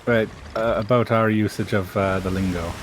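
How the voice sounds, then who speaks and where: Hesitant man with a low voice. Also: steady tone, normal speed, slight background noise. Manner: hesitant, with many fillers. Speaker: crewmate in an online game. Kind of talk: casual gaming chat.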